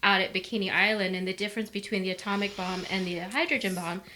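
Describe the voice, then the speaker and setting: A woman's voice: medium pitch, quick pace, noisy background. A woman co-hosting a casual chat, talking with lots of "um" and "like". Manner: chatty, lots of "um" and "like". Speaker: co-host.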